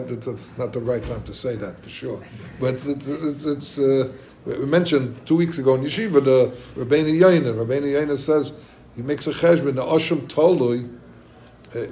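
A man giving an excited Talmud lecture to students, restarting often and asking listeners questions. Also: a little high. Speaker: Talmud teacher.

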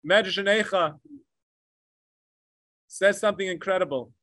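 A man teaching a Torah lecture with passion, mixing Hebrew learning terms into English and swinging between emphatic peaks and hushed asides. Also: high-pitched, normal speed, pauses often, no room sound, clean studio sound. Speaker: rabbi. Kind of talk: Torah lecture on the Tisha B'Av kinos.

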